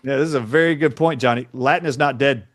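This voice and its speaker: A man's voice: medium pitch, fast talker, a bit bright, no echo, clean studio sound. A man as a guest on a podcast, explaining his views emphatically and quizzing the hosts. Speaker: guest doctor. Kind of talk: podcast conversation.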